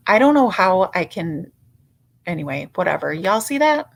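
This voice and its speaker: A woman's voice: fairly low pitch, very animated, takes it slowly, gravelly, pauses often. A woman hosting a casual livestream, greeting chat viewers by name in a chatty, playful way. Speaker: livestream host.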